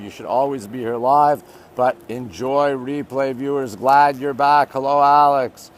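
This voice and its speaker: A man's voice: mid-range voice, fairly even intonation, unhurried, slight background noise. Chatty man greeting livestream viewers. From Canada. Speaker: livestream host. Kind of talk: casual livestream chat. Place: outdoors at night overlooking city skyline. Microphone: phone.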